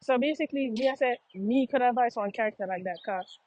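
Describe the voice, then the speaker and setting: A young vlogger from the United States, with a Jamaican patois accent, gives a casual monologue to viewers while walking outside, frequently repeating phrases. Her slightly high, a little mellow voice keeps a moderate pace against slight background noise, recorded in slightly dull lo-fi audio.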